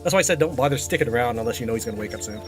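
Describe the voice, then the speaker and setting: A man's voice: mid-range voice, animated, rapid-fire, music in the background. A man chatting casually while playing a co-op game, explaining the mechanics and teasing his friends. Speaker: game player. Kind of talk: casual co-op gaming chat.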